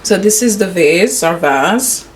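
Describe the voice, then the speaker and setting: A woman in her thirties with a Caribbean English accent, chatting casually to her viewers and her husband at home, giggly and warm. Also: on the low side, lively intonation, slow pace, a little hiss or hum. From Caribbean, grew up in Anguilla. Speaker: vlogger. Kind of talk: casual home vlog chat. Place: home, indoors.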